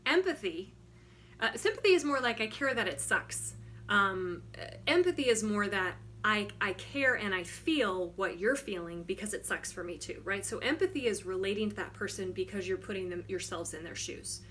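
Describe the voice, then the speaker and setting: A frank, emphatic woman with a bright, forward voice, talking casually to the camera as a wellness coach. She keeps checking in with "right?", and a faint hum sits under the recording. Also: medium pitch, animated, moderate pace. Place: home studio.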